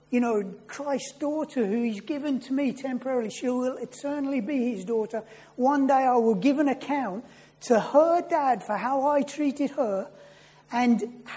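A man's voice: very high-pitched, darkish tone. A man preaching a sermon in an earnest way, often putting questions to his listeners.

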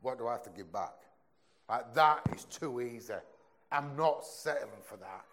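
Earnest preacher, conversational sermon. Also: male voice, expressive, moderate pace. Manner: conversational and earnest, often dropping to a low, soft voice.

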